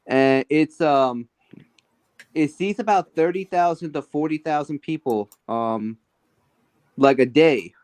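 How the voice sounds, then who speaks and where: A man's voice: on the high side, slow pace, long pauses, darkish tone. A man on a podcast as a guest, telling stories in a loose, rambling way with lots of fillers. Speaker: guest, event organizer. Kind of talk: casual podcast chat.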